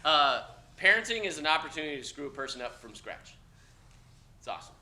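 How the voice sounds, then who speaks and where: A man lecturing a class of cadets, blunt and joking, with loud outbursts. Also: fairly high pitch, big pitch swings, fairly quick, a little hiss or hum. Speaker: instructor.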